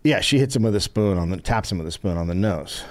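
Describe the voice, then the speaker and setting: A man's voice: low voice, animated, fast. A man hosting a podcast, reading an old newspaper aloud and breaking off for wry remarks. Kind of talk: reading aloud with comedic asides.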